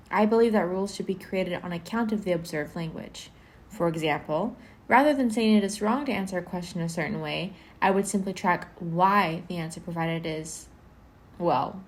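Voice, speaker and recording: A woman's voice: fairly low pitch, natural voice. A woman playing an interviewer, speaking in a poised and lightly teasing way. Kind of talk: amateur audio drama.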